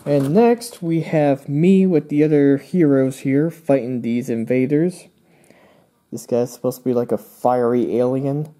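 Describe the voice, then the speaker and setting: A man's voice: mid-range voice, fairly even intonation, unhurried, warm tone. A young man hosting his own channel, casually walking through his old drawings in a rambling way, with fillers and playful asides. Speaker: channel host.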